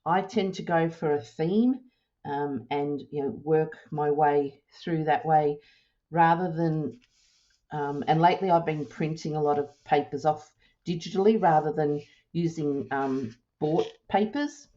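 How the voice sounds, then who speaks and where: Low-voiced woman demonstrating a craft. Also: measured pace, dull audio. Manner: relaxed, chatty, thinking aloud with ums and self-corrections. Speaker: crafting tutorial host. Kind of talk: casual step-by-step demonstration.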